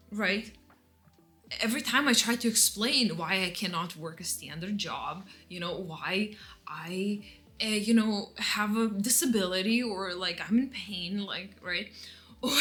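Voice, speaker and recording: Woman vlogger, somewhat high voice, venting in a rambling rant over soft music, bitter laughs between words. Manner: rambling, restarts often, lots of "like" and "you know"; bitter laughter breaking through angry speech. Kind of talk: emotional story-time rant.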